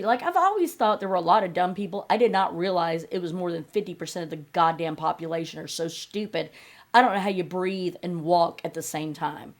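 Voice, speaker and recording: Profane, ranting woman in her fifties. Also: medium pitch. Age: 50s. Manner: profane, blunt, sarcastic. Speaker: podcast host. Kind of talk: angry opinion rant.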